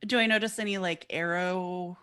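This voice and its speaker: A woman with a fairly low voice plays a tabletop game. She talks casually and hesitantly, often stopping to ask the game master questions. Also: steady tone, normal speed, sharp tone, clear, resonant tone. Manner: chatty, hesitant, asks questions. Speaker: player.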